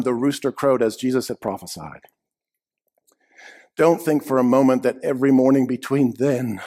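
A man preaching a sermon, swinging between loud emphatic lines and hushed quiet ones, with dry humorous asides. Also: mid-range voice.

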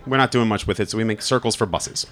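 A man's voice: on the low side, fast, a bit bright, some chatter behind. A man from Long Island telling a personal story live, candid and wry, swearing freely. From Long Island, New York.

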